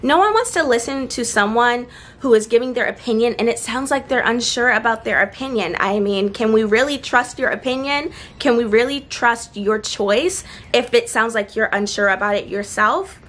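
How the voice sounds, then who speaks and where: The voice is a little high and a bit bright, belonging to a young woman offering confidence tips in a casual vlog. She records outside near seagulls, speaking earnestly and encouragingly and slowing down when she wants to stress something.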